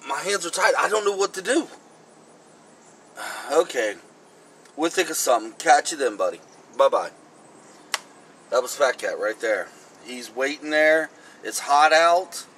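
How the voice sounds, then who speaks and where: A man's voice: a little high, very animated, unhurried, long pauses, fairly bright tone, slight background noise, poor audio. A man hosting a comic vlog skit, rambling and acting out phone calls. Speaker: comedy vlog host.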